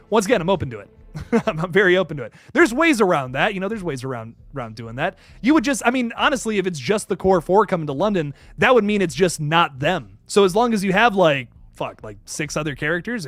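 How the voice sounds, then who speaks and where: A young man hosting a casual live stream, reading out viewer comments in an excitable, animated way and swearing casually. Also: fairly high pitch, dry recording. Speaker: YouTube channel host.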